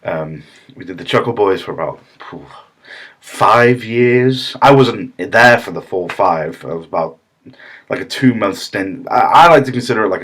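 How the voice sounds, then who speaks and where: A man delivering a comedy monologue as a smug, self-important improv teacher, rambling with many fillers and restarts. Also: fairly low pitch.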